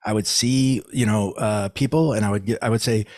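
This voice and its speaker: This middle-aged man talks a little fast, with no room sound around him. As a psychic medium being interviewed, he tells his story animatedly, raising his pitch to play the people he quotes.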